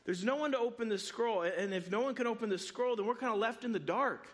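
A man giving a sermon, preaching in a conversational, animated way with asides to the congregation. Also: very high voice, quick pace. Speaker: pastor.

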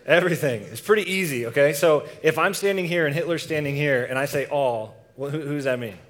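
A man's voice: fairly high pitch, fairly quick, a bit bright. Man preaching casually to a youth group. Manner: casual, asks the audience questions.

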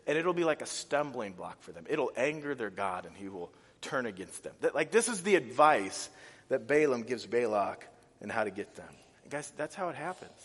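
A man preaching a sermon, animated and casual, with many restarts and fillers. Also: medium pitch. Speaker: pastor. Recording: reverberant hall.

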